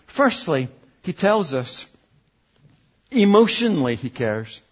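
A man in his forties preaching a sermon as pastor, earnest, dropping from loud emphasis to hushed asides. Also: on the high side, sing-song, slow, husky, muffled recording. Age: 40s.

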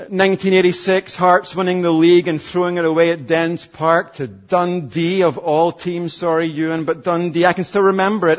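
Earnest preacher, high voice, muffled. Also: male voice. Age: 40s. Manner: earnest, swings from loud to hushed. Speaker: pastor. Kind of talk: sermon.

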